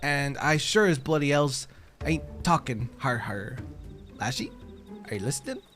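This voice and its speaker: Male streamer doing drunk braggart pirate, gruff slurred brogue, big swings in pitch. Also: big pitch swings, measured pace, fairly bright tone, soft background music. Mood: boastful. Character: boozy boastful male pirate bodyguard, middle-aged.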